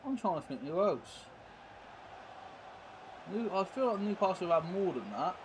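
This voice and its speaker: A man chats away casually while streaming a football video game. He rambles from thought to thought and keeps tacking on tag questions. Steady background noise and passing vehicles sit behind his voice. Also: sits high, moderate pace.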